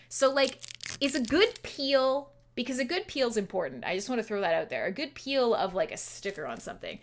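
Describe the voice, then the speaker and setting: A woman's voice: on the high side, very animated, brisk, slight background noise. A woman hosting a casual livestream radio show, chatty and scattered, giggling a lot and swearing freely. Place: home streaming setup.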